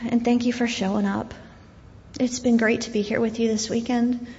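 A woman's voice: fairly high pitch, little pitch movement, moderate pace, a little mellow. A woman giving an earnest personal testimony as a guest speaker, telling her story while grieving. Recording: dull sound with long hall reverb.

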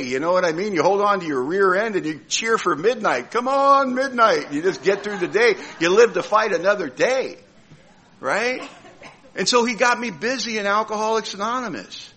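A man's voice: high-pitched, fairly bright tone. A man telling a humorous story about his own recovery, acting out the voices of other people with comic timing. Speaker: recovering alcoholic sharing his story at a meeting. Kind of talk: humorous personal recovery talk.

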